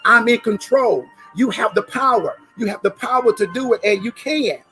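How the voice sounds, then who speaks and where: A man giving an emphatic motivational talk, repeating phrases and sometimes rising to a shout. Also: very high voice, brisk, faint music behind. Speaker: motivational speaker.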